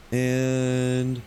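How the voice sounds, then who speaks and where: A male streamer talks himself through a game in a slow, unhurried way, half muttering as he plays. His pitch sits in an ordinary middle range. A faint hiss of noise runs underneath the voice. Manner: relaxed, muttering to himself while playing. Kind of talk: casual gameplay commentary.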